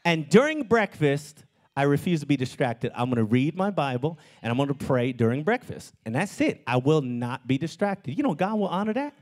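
A man preaching a sermon as pastor of his church, with animated delivery that climbs into shouts. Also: on the high side, moderate pace. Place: church sanctuary.

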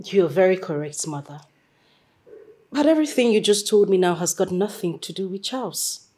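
A woman's voice: fairly low pitch, animated, moderate pace, mellow, slightly rough. A young woman playing a headstrong daughter who argues and pleads emotionally. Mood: pleading. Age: young adult.

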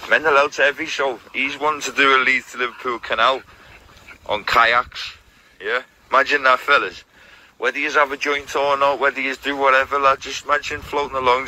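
Bright-voiced man, stream host, loose slangy banter. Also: mid-range voice, a little hiss or hum, rough recording. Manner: rapid slangy banter full of restarts. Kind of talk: casual chat on a live stream.

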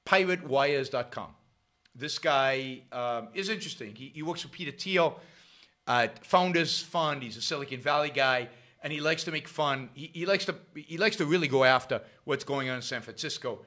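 A middle-aged man hosting a show, talking in a sarcastic, animated commentary with frequent restarts. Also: mid-range voice, moderate pace. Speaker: show host. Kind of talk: casual commentary monologue.

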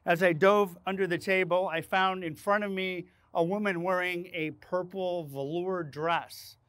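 A man hosting his own leadership channel, telling a dramatic personal story to camera in an animated way, acting out his own panicked lines. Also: high voice, measured pace, clear, resonant tone, no echo. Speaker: leadership speaker and channel host.

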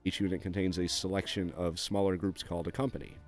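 A man with a deep, low-pitched voice talks through a strategy game in a relaxed walkthrough. He reads the on-screen text aloud, adding fillers and dry little asides along the way. Faint music plays behind him. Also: fast. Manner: frequent "uh" and "um" fillers. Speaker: gameplay video host.

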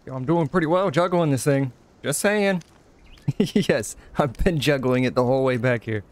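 A young man giving casual let's-play commentary, excitable, exclaiming and chatting to an in-game companion. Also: medium pitch, moderate pace. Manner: excitable, talks to companion character, frequent laughs and exclamations. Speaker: gaming channel host.

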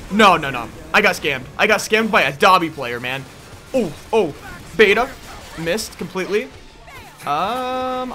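A young man giving excitable live commentary over his gameplay, yelping and laughing when caught off guard. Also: high-pitched. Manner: excitable, yelps and laughs at sudden danger. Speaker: gaming YouTuber.

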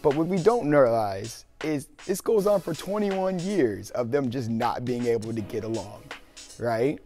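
A man's voice: medium pitch, lively intonation, a little slow, warm tone, soft background music. A young man hosting a video and casually retelling an old story in a slangy, joking way. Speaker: video host.

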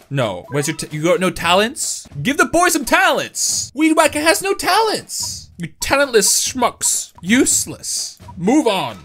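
A man's voice: a little high, a bit bright. A young man giving gameplay commentary, ranting, swearing and joking about his losses. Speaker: game commentator.

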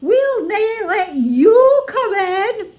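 A woman with a Scottish accent voicing small frightened piglets in a squeaky high voice. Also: big pitch swings, drawn-out words, a little mellow, heavily acted. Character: three frightened little piglets.

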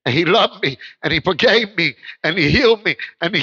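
A man preaching an impassioned sermon, telling stories and breaking into shouts, heard through muffled livestream audio. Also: high-pitched, lively intonation, fairly quick, a little hiss or hum. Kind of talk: sermon with storytelling.

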